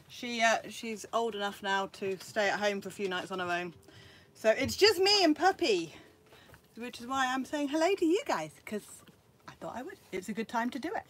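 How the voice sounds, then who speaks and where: Excitable woman, higher voice, phone live stream, faint background noise. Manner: chatty, excitable, greets viewers by name. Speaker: vlogger. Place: motorhome in a field.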